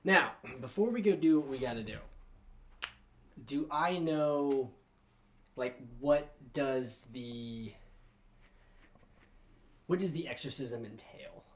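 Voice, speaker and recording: An eager, chatty man at an average pitch, playing a tabletop game. He talks casually through his plans and now and then clears his throat. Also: slow, long pauses, a little hiss or hum. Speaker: player. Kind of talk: casual tabletop gaming chat.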